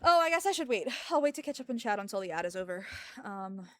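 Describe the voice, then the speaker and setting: Animated ranting woman streamer. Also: mid-range voice, fast. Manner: ranting, sarcastic, laughs often. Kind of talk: casual livestream chat.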